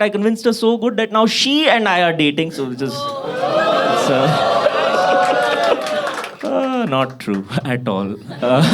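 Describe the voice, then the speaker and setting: The recording is very noisy, but you can hear a fairly high-voiced man from Kashmir, in his thirties, doing profane stand-up at a club. He delivers exasperated jokes to audience laughter, his voice jumping up when he gets agitated.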